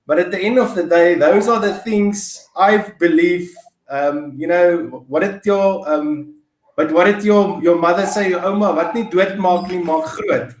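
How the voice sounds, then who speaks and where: A South African man with a high-pitched voice co-hosts a casual business chat. He rambles, repeating words and filling pauses with "um". The sound is roomy and echoey. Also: noisy background. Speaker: co-host.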